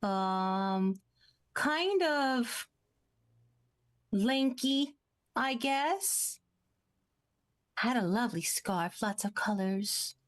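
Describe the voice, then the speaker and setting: A woman game master voicing Lala, a tiny shy golden winged creature with a trunk, chattering in a chirpy, halting way. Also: a little high, animated. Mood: timid chatter. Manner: chirpy, halting, eager to please.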